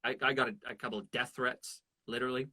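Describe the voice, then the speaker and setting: A man being interviewed as a voice actor, telling stories in an animated way and now and then slipping into character voices. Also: medium pitch, fast talker. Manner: animated storyteller who slips into voices. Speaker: voice actor guest. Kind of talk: casual interview chat.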